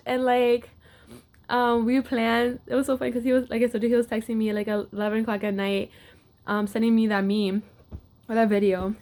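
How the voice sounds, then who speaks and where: A woman's voice: mid-range voice, fairly even intonation, normal speed, a little mellow. A young woman athlete casually telling a personal story to camera, with lots of filler words. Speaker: wrestler.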